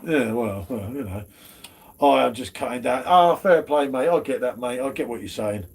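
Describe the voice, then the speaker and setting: A man's voice: medium pitch, moderate pace, creaky, darkish tone, slightly rough. A man hosting a casual beer chat stream, slangy and chatty. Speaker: host of a beer review stream.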